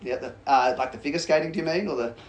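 A man's voice: on the high side, fast. A man preaching a sermon, chatty and joking with the congregation, asking questions and reading scripture aloud. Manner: conversational, animated, jokes with congregation. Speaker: pastor.

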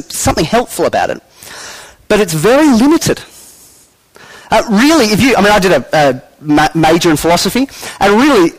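A man preaches in a lively, conversational way, his voice sitting fairly high for a man and swinging widely in pitch. He slips into quick acted-out voices to make his points. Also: low-quality recording. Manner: animated, conversational, acts out quoted voices. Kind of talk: sermon.

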